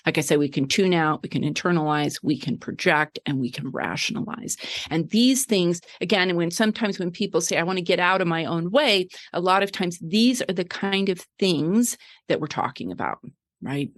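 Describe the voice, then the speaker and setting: Chatty woman coach with a low voice. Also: moderate pace. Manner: animated, many "right?" tags and fillers. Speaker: guest, wellness coach. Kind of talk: conversational explaining.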